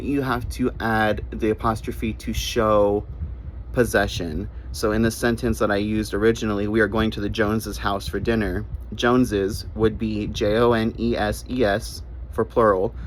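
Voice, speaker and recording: A man with a fairly low voice explains English grammar in short tips. He spells words out letter by letter and repeats his main points for emphasis. A faint hum of noise sits under the recording. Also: rough recording. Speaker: English teacher.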